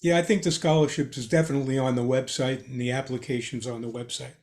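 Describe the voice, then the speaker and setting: An older man, a guest on a hobby podcast, tells casual anecdotes with an animated, chuckling delivery. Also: mid-range voice, fast talker. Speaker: guest ham radio expert. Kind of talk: casual storytelling in a podcast chat.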